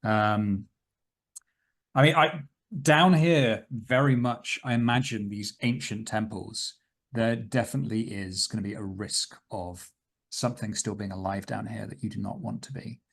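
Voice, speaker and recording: A man narrating as game master of a tabletop game, describing scenes in a slow, dramatic way. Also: fairly low pitch, creaky, slightly rough.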